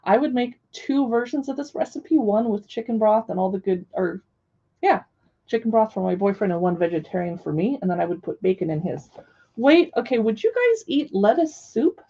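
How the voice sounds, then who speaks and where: A woman's voice: mid-range voice, animated, normal speed, warm tone, husky, highs cut off. A young woman hosting a casual live stream from home, chatting and reading recipe titles aloud to viewers. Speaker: live stream host reviewing cookbooks.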